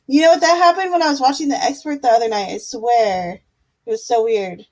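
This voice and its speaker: A woman hosting a live-stream tarot reading, chatting casually and affectionately with viewers and often filling pauses with "um" and "like.". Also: on the high side, fairly even intonation, low-quality recording.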